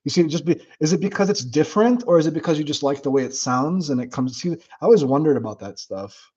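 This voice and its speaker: A man hosting his own livestream, chatting casually with viewers in a blunt, profane and animated way. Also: a little high, quick pace, hardly any pauses, husky, highs cut off. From United States. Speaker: livestream host. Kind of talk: casual livestream chat reading comments.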